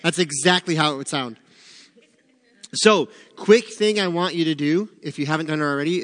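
A man teaching a Bible study in a conversational sermon style, animated and chatty with joking asides. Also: mid-range voice, long reverb tail.

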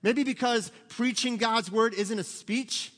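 Man, middle-aged pastor, lively conversational sermon, high voice, long church reverb. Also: measured pace. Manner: animated, conversational preaching with humor and asides. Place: church sanctuary.

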